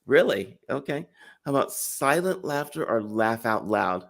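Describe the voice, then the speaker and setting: A man's voice: mid-range voice, big pitch swings, gravelly. Male talk host, enthusiastic, casual, mid-range voice. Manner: enthusiastic, chatty, quick to laugh. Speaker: show host. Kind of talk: casual interview chat.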